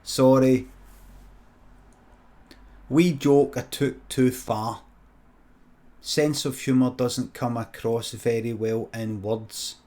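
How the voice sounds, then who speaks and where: Scottish male comic, mid-pitched, deadpan improv storyteller, swears freely, mutters asides. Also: slow pace, long pauses. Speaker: comedian streamer.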